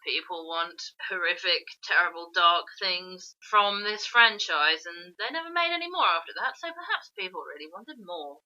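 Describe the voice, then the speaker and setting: Woman, podcast co-host, very bright tense voice, chatty, dull lo-fi audio. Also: fairly low pitch, expressive, normal speed, few pauses. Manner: chatty, acts out lines from scenes in funny voices. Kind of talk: casual film discussion.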